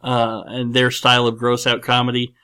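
A man's voice: mid-range voice, monotone, normal speed, sharp tone, smooth. A man hosting a podcast, talking about a film in a rambling, emphatic way with many fillers and restarts. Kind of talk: casual movie discussion.

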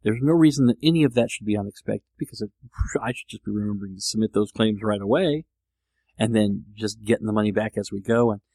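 A man's voice: on the low side, fast talker, dark tone, dry recording. A man hosting a podcast, rambling casually and teasing himself, with many restarts. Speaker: podcast host. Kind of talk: casual monologue.

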